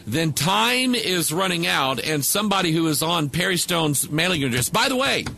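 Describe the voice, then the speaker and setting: A man's voice: fairly high pitch, sing-song, normal speed, vocal fry, bright, forceful tone, slight background noise. A man preaching to a camera microphone, talking loosely with many fillers and restarts. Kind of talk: casual video commentary.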